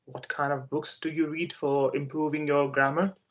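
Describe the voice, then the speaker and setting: A man's voice: fairly high pitch, little pitch movement, normal speed. A man, a teacher from India chatting casually and asking patient, friendly questions, often laughing. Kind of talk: casual interview chat.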